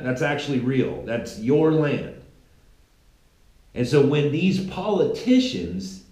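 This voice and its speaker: A man's voice: mid-range voice, darkish tone, echoey room, rough recording. A middle-aged man from California hosting a political commentary show, talking in an emphatic opinionated monologue with many restarts.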